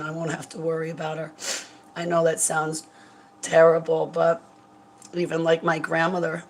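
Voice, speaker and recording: A woman's voice: deep voice, monotone, slight background noise, poor audio. Grieving, tearful woman talking to viewers. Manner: halting, rambling and raw with grief. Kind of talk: emotional live chat to viewers.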